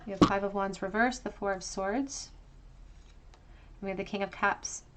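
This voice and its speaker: A woman talks viewers through a tarot pick-a-card reading in a gentle, reassuring way. She thinks out loud as she turns the cards, with frequent ums, in a voice of ordinary middle pitch. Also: steady tone, moderate pace. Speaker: tarot reader.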